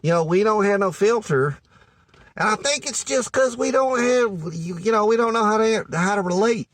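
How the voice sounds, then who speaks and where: A man's voice: sits high, moderate pace, fairly bright tone, dry recording. A man playing a folksy Southern good ol' boy with a Southern US accent, rambling through dating advice in a comedic monologue. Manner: rambling, folksy, full of "you know".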